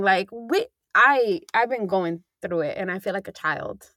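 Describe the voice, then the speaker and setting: A woman's voice: mid-range voice, animated, unhurried, pushed and bright, no room sound. Young woman, casual chat, candid, rambling, swears now and then, dry close sound.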